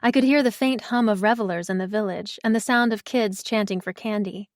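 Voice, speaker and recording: A woman narrating a first-person audiobook, measured and expressive, in a mid-range voice. The sound is dry and close, with no room around it. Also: medium pitch, no room sound.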